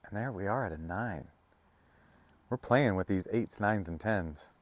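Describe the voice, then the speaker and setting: A man acting as a tarot reader gives a casual, rambling reading packed with fillers and restarts, sometimes breaking into high, playful bursts. He speaks a little slowly, and there's no room sound.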